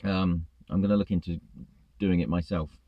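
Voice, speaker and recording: Low, gruff trucker on a sweary vlog rant, dry dull lo-fi recording. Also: male voice, steady tone, moderate pace, no room sound. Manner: exasperated, sweary ranting. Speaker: truck driver vlogger. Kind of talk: ranting vlog monologue.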